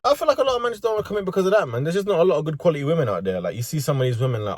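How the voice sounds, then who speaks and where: A man's voice: fairly high pitch, big pitch swings, racing, few pauses, a little mellow, husky, no room sound, clean studio sound. A young man with a London accent, ranting comedically and profanely in street slang from inside a car. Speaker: vlogger. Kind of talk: comedic rant.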